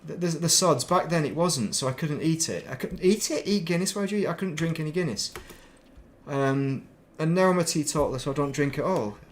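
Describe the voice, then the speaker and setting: A man's voice: on the high side, expressive, brisk, slight background noise. A middle-aged man from England, chatting casually and rambling while streaming a space game, self-mocking and chatty. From northern England.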